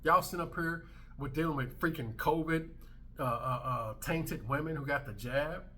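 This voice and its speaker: A man's voice: fairly high pitch, normal speed, fairly bright tone, a little hiss or hum. A man in his thirties hosting a commentary vlog, ranting in a brash, emphatic way and swearing freely. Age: 30s. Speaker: commentary channel host.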